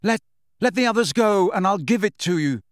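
A man's voice: high-pitched, animated, dry recording, studio quality, voice pushed up. A man voicing a desperate teenage boy wizard, pleading in a hurry. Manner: pleading, hurried.

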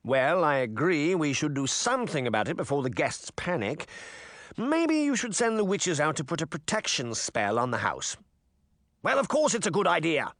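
A man's voice: a little high, very animated, normal speed, a bit bright, dry recording, clean studio sound, pitched above the performer's own voice. A man voicing a smug, scheming prince in an audiobook, with a cold, sneering delivery. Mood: scornful. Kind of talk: audiobook character reading.

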